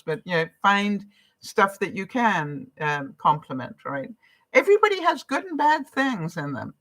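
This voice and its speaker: A woman's voice: mid-range voice, fairly bright tone. An older woman from Canada, a vlogger chatting casually on a live stream, reading out viewer comments and encouraging them between laughs.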